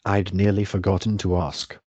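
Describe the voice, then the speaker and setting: A man's synthetic text-to-speech voice reading the lines of a grinning, riddling cat in an audiobook, in an even and unhurried manner. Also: sits low, dry recording, lo-fi sound, close to an everyday voice.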